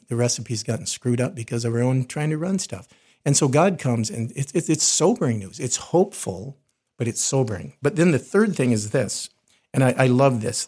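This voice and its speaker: Middle-aged male chaplain, slightly raspy, plain mid pitch, casual earnest teaching delivery with restarts. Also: darkish tone. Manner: earnest, conversational, frequent restarts. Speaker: corporate chaplain. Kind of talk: podcast teaching talk.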